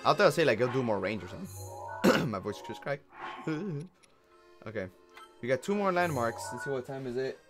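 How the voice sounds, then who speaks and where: A man's voice: medium pitch, animated, normal speed, long pauses, music in the background. A man streaming a video game, talking casually and rambling while often laughing at his own jokes. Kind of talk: casual gameplay commentary.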